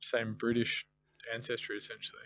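A man's voice: mid-range voice, level tone, fairly quick, a bit bright, no room sound. An Australian man explaining things easily as a podcast guest, with plenty of fillers. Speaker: guest producer. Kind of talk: casual podcast chat.

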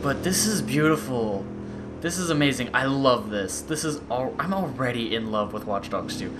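A young man rambling excitedly while playing a video game, gushing over everything he sees. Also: medium pitch, noisy background. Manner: gushing, rambling, quick bursts of enthusiasm. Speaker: gaming YouTuber. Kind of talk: excited gameplay commentary.

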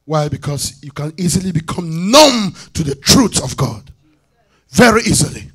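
A man preaching a sermon as bishop, calling out to the congregation for answers and swinging between loud declarations and hushed asides. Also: on the high side, big pitch swings, normal speed, slightly rough. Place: church sanctuary.

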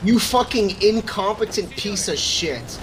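A man's voice: high-pitched, expressive, unhurried, loud music behind the voice, poor audio. A man in multiplayer voice chat, ranting angrily and cursing at a teammate. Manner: angry, profane ranting.

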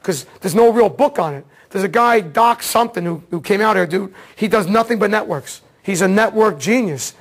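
A man teaching an automotive diagnostics seminar, telling a case story in a casual, excitable way and acting out the dialogue. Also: sits high, normal speed, few pauses. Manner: casual slangy talk, repeats words. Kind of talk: seminar lecture.

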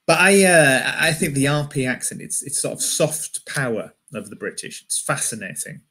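A man's voice: medium pitch, expressive, moderate pace, bright, forceful tone, breathy edge. A man with a Yorkshire accent doing a wry stand-up comedy set from home, often restarting his phrases.

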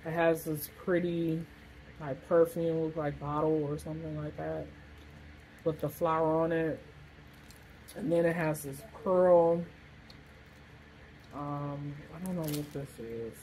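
A woman's voice: sits low, fairly even intonation, slow, long pauses, warm tone, slight background noise, poor audio. A woman casually chatting through a shopping haul, rambling with lots of fillers. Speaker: vlogger showing a shopping haul. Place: hot room with a fan blowing.

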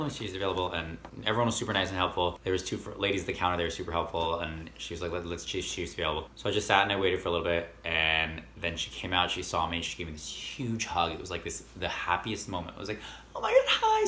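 A man chatting through a storytime vlog, retelling his shopping trip with quick, lively quoted dialogue. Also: low voice, roomy sound, slight background noise. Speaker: vlogger.

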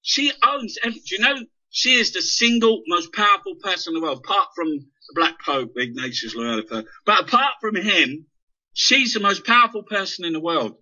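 A man's voice: sits high, lively intonation, normal speed, sharp tone. A man in an impassioned political rant, swearing heavily and stumbling over repeated words. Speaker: guest. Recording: dull lo-fi internet radio audio.

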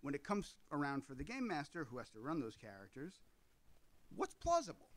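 Brief: male host for a tabletop explainer, mid-pitched, discursive. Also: big pitch swings, fast talker, low-quality recording. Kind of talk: explainer video on tabletop gaming.

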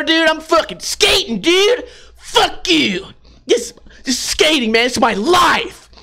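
A man voicing a defiant teenage boy skater who shouts profane taunts. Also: very high-pitched, vocal fry, pitched above the performer's own voice, full character voice.

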